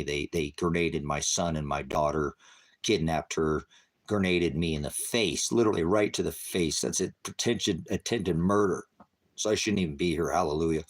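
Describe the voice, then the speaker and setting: A middle-aged man preaching on his own ministry stream, angry and cursing, swinging from shouted rants to quiet murmurs. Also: extremely low pitch. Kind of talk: impassioned livestream preaching.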